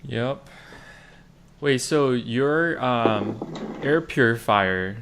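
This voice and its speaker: A man's voice: mid-range voice, lively intonation, background noise. A man co-hosting a podcast in casual chat, cutting in with short questions. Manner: short questions and quick interjections. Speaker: podcast co-host.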